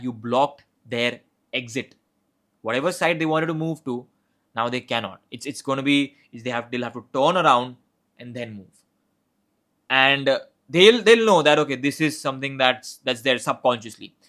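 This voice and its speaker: A man's voice: mid-range voice, moderate pace, a bit bright. A young man teaching conversation skills in a casual, loose way, often restarting and repeating words as he explains. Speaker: communication coach. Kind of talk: casual instructional talk.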